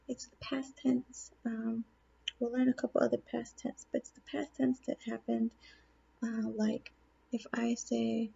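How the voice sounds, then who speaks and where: A woman teacher explains grammar in a patient classroom-video manner, posing questions and then answering them. Her voice is husky and gravelly with a dark, mellow tone. The recording is somewhat dull and lo-fi. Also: on the high side, little pitch movement, measured pace. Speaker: Spanish teacher.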